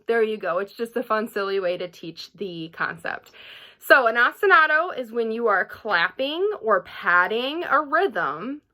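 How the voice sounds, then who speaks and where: Slow, bright-voiced music teacher woman. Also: fairly high pitch. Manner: slow, patient and encouraging, with lots of "okay?" check-ins. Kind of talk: remote classroom lesson for children.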